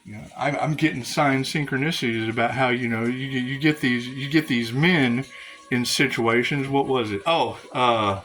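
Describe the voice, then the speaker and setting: A man's voice: medium pitch, normal speed, a bit bright, faint music behind. A man rambling to his viewers in a spiritual vlog, sarcastic, swearing and laughing often. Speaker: spiritual vlogger.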